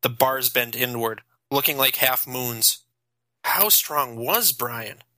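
A man narrating a horror audiobook in steady, dramatic storytelling. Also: medium pitch, slow pace, no room sound, low-quality recording. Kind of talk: scripted narration.

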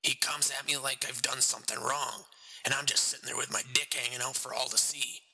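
A narrator takes on the full character voice of a big, hoarse man calmly recounting his crime, level and unwavering, a little fast, and menacing. The low voice carries a gravelly rasp and a sharp, bright edge, set in long, echoing reverb.

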